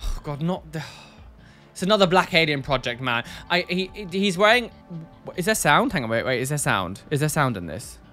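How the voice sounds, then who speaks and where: A man's voice: on the high side, sing-song, moderate pace, sharp tone, faint music behind. A man hosting a casual reaction video, blunt and exasperated, often sighing and repeating himself for emphasis.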